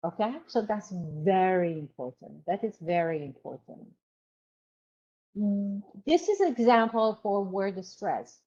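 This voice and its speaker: A woman lecturing to a class of trainee teachers, explaining each point in a measured, deliberate way. She pauses to check whether her listeners follow. The recording sounds dull and lo-fi. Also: mid-range voice, animated, warm tone, husky. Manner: explanatory, asks the class questions. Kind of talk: online lecture.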